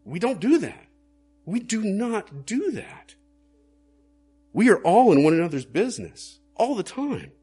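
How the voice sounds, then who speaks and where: A man's voice: sits high, darkish tone, breathy edge. A male pastor preaching a sermon in an earnest, questioning way that rises to emphatic bursts.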